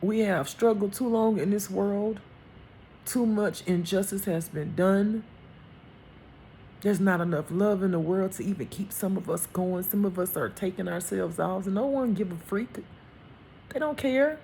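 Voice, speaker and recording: An impassioned woman in a spiritual monologue, talking bluntly and colloquially with the odd curse. Her voice sits at an ordinary middle pitch, with a faint hiss of noise behind it. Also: a little slow. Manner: impassioned, repetitive, slips into a hushed lower voice when quoting God. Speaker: spiritual life teacher. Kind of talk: emotional personal monologue.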